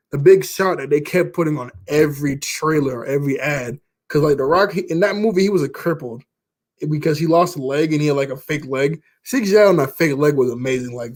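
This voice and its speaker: A man's voice: fairly high pitch, a little mellow. A young man chatting casually about movies, meandering, with lots of fillers and frequent laughs. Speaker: YouTuber. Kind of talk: casual rambling commentary.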